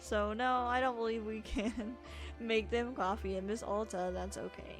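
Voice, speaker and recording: Woman reading as a gentle forest shopkeeper creature. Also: on the high side, moderate pace, music in the background, natural voice. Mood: calm. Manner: calm, quaint broken grammar.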